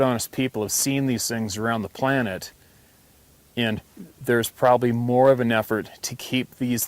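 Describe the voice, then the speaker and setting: A man hosting a hunting channel, telling a story in a casual, earnest, emphatic monologue full of restarts. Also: mid-range voice.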